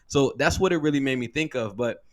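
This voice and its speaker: A man's voice: medium pitch, brisk. Reflective man in casual chat. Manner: reflective, thoughtful.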